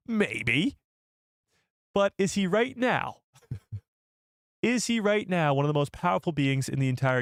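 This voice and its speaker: A man's voice: high voice, no echo, studio quality. A man casually hosting a live stream, chatty and rambling, often correcting himself mid-sentence. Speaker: host of a live show.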